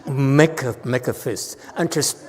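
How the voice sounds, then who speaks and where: A man's voice: medium pitch, unhurried. A man leading a dharma talk and answering questions, blunt and exasperated as he scolds his students. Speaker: meditation master answering questions. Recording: long hall reverb.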